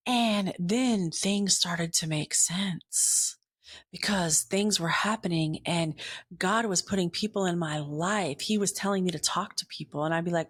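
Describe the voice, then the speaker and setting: Middle-aged woman, podcast host; animated rambling storyteller, dry voice with no room sound. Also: lowish voice, measured pace, dry recording. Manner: animated, rambling, acts out dialogue with whispered asides. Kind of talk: casual storytelling monologue.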